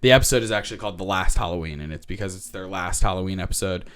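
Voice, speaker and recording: A man co-hosting a podcast, casually retelling a TV episode with lively asides, acting out characters' lines, laughing often and swearing now and then. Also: low voice, rapid-fire, smooth. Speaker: podcast co-host.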